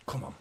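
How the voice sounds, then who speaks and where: A man hosting a live match watchalong, chatting casually with viewers, bantering and swearing lightly. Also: a bit bright. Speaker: fan channel host.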